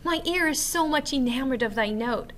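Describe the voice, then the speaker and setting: A woman reading the lines of an enchanted fairy queen in a soft, pleading recitation. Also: high voice, animated, moderate pace, slight background noise. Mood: enamored.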